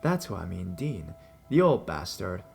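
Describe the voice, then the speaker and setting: A man voicing a drunk older man on the phone, wheezing, slurred and rasping, with slow, drawn-out speech. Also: sits low, very animated, soft background music, heavily acted. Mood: slurring, leering.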